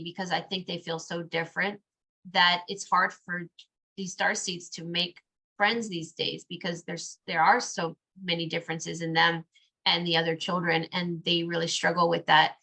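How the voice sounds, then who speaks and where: A woman hosting a podcast, talking earnestly in casual conversation and turning animated when she quotes children. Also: fairly low pitch, normal speed. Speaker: podcast host.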